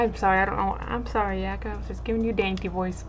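A woman streaming a game, making quiet, wry asides between the character voices. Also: mid-range voice, fairly even intonation, quick pace, lo-fi sound, music in the background. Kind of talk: casual game commentary.

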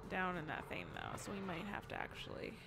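A woman's voice: fairly low pitch, wildly swooping pitch, brisk, creaky, very noisy. A woman gamer giving casual commentary while she plays, often frustrated, swearing and mocking herself.

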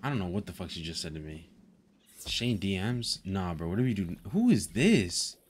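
A young man live-streaming a game, chatting casually, swearing and laughing often in an excitable way. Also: low voice, a little fast.

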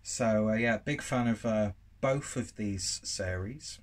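Speaking slowly in a lowish voice, a man reviews a beer in a casual vlog made at home as he cooks. He's from northern England but has a well-spoken southern English accent, and he rambles along in a chatty, self-deprecating way.

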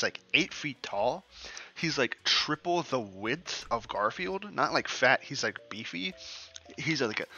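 A man's voice: mid-range voice, sharp tone, highs cut off. A young man giving casual, profane commentary over a game he is playing, rambling and ranting as he goes. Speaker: gaming streamer.

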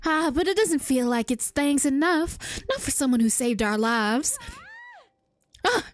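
A woman's voice: high-pitched, big pitch swings, unhurried. A woman voicing a chummy game traveler with a put-on Southern US drawl, reading the dialogue aloud in a homespun way. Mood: folksy. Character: folksy game traveler rescued from monsters.

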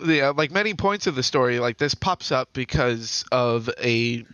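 A man's voice: medium pitch, lively intonation, normal speed, bright, forceful tone, dry recording, highs cut off. Dry-sounding man recapping lore casually. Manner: retells the story in long run-on stretches, with fillers. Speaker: podcast co-host.

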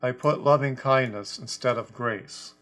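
A man of middle pitch gives a scripture lesson in a deliberate, measured way. He leans on single quoted words as he explains them. Soft music plays faintly underneath. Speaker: Bible teacher.

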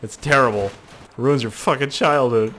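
A young man casually commentating a video game, swearing often and joking loudly. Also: medium pitch, normal speed, noisy background. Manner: profane, goofy, excitable. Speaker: gaming YouTuber. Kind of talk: casual let's-play commentary.

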